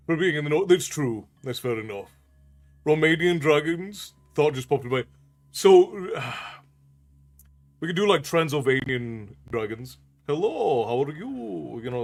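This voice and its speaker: A man from New York City chats casually with his stream's viewers, reading their comments aloud and laughing often. His voice sits at a middle pitch for a man. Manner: chatty, laughs often, reads chat aloud.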